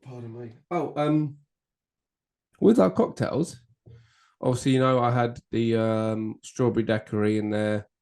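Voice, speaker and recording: A man's voice: medium pitch, fairly even intonation, unhurried, creaky, long pauses, a little mellow, smooth. A man co-hosting a casual drinks podcast, swearing, laughing and teasing his friend. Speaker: podcast co-host. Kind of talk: casual banter over drinks.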